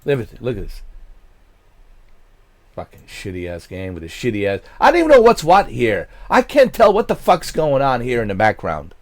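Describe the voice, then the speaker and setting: Angry gaming-channel ranter, male, wildly swinging pitch, dry close sound, profane outbursts. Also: huge pitch swings, normal speed, dry recording. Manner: profane, shouting in bursts. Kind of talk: angry rant commentary.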